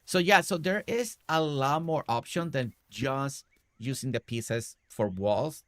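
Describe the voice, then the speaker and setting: A man's voice: mid-range voice, slow, no echo. A man streaming a game, casually talking through a building tutorial step by step and often checking in with "right?".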